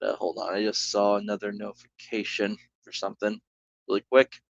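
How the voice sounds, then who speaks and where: Talking briskly in a fairly low voice with vocal fry and little pitch movement, a man chats his way through a solo tabletop game. He rambles, restarts, and drifts into asides. There's no echo, and the mic sounds dry, close, dull, and lo-fi.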